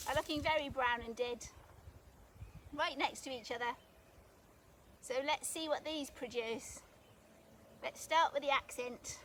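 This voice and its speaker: A woman with a high, light voice chats cheerfully as she works outdoors, thinking aloud as she goes. Faint outdoor noise sits under her voice. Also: fairly bright tone. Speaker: gardening vlogger. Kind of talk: casual narration while digging. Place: garden outdoors.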